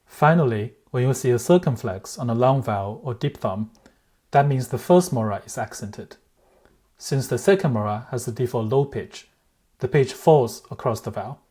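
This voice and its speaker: Male instructor, breathy timbre, measured and careful, lesson narration. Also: mid-range voice, lively intonation, mellow. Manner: measured, careful, demonstrates word pronunciations aloud. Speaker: language teacher.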